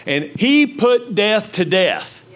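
An older man preaching a sermon to his congregation on a handheld microphone. He swings from low, quiet asides to loud, emphatic lines. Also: big pitch swings, takes it slowly. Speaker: pastor. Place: church with live congregation.

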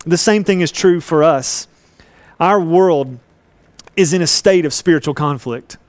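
Guy preaching a sermon, higher voice, dry close sound, acts out the story voices. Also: measured pace, no room sound. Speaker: pastor.

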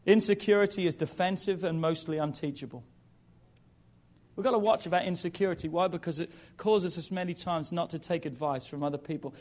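A man in his thirties delivering a sermon with a notably high voice. He talks directly to the congregation, breaking off for playful asides before pressing his point. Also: normal speed. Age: 30s. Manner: lively, jokey asides to the congregation. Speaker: preacher.

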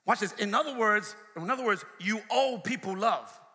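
Male preacher, high bright edgy tone, emphatic call-and-response sermon delivery, long reverb. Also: normal speed. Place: church sanctuary.

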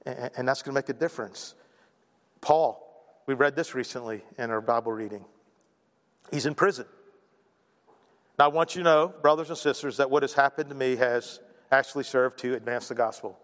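A middle-aged man preaching a sermon in a conversational, animated way, often checking in with "right?" and acting out quoted voices. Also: medium pitch, normal speed, long pauses, big-room sound. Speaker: pastor.

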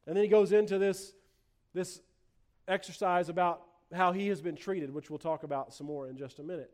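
A man's voice: high-pitched, moderate pace. A man preaching a sermon as a pastor, earnest, restarting phrases with repeated words and acting out sarcastic quotes.

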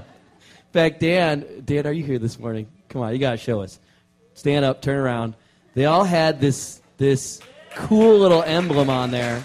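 A man, a pastor, preaching a casual sermon to his church, relaxed and joking, with many fillers and restarts. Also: medium pitch, a little hiss or hum. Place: church sanctuary.

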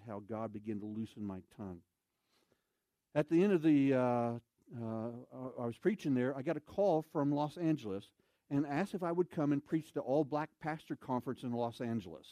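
A man preaching a sermon in a church, telling stories with lively, animated delivery and loud bursts of emphasis. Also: mid-range voice, no echo. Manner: animated storytelling, acts out voices, shouts for emphasis. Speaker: pastor. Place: church sanctuary.

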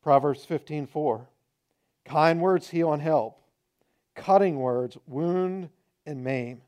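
A middle-aged man preaching a sermon as pastor, conversational and animated, acting out quoted remarks. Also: fairly high pitch, takes it slowly.

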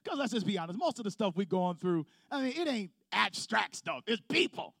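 Preaching with growing intensity, a male pastor calls out for responses from his congregation in a church sanctuary. His high-pitched, fairly bright voice is very animated, a little fast, and creaky. The recording is clean studio sound without any room sound.

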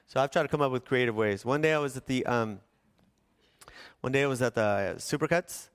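A man's voice: medium pitch, a little fast, clear, resonant tone. A middle-aged man, a pastor, preaching a sermon in a conversational storytelling way with acted-out quotes.

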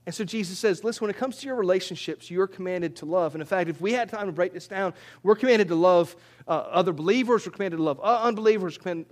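High-voiced man preaching a sermon. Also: fast talker. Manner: conversational preaching, repeats words, rises in emphasis. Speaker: pastor.

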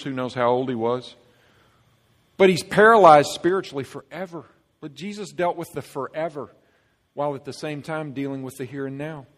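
Earnest preaching man in echoing hall. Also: mid-range voice. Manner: earnest, emphatic preaching with swings between loud and hushed. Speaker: pastor. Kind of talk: sermon. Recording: long reverb of a large hall.

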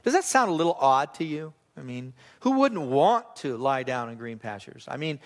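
A man preaching a sermon as pastor, earnest and emphatic, repeating key phrases and slowing down to read scripture aloud. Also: mid-range voice, expressive.

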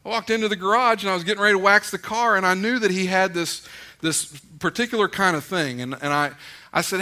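A man preaching a relaxed, conversational sermon with a bright, forceful tone and a slightly high voice. He is middle-aged and folksy, weaving stories with gentle humor into his preaching. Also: quick pace. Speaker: pastor.

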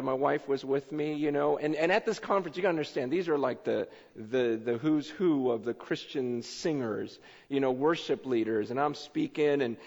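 A man preaching a sermon, telling stories in an excitable way with many fillers and restarts. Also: on the high side. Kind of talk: sermon storytelling. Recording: echoey hall, dull lo-fi sound.

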